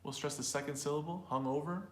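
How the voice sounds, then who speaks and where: A man co-hosting an English pronunciation lesson, repeating example phrases slowly and explaining word stress in a relaxed way. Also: medium pitch. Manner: slow, drawn-out repetition of example phrases. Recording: roomy with faint noise.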